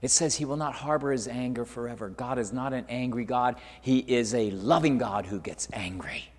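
A middle-aged man preaching a sermon, swinging from loud emphatic peaks to hushed near-whispers and repeating words as he finds his next thought. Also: mid-range voice, moderate pace, big-room sound. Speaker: pastor.

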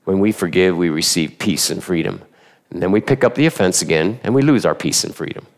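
A male pastor giving a sermon in a church, emphatic and animated, firing rhetorical questions at the congregation and repeating his key phrases. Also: low voice, a little fast, vocal fry.

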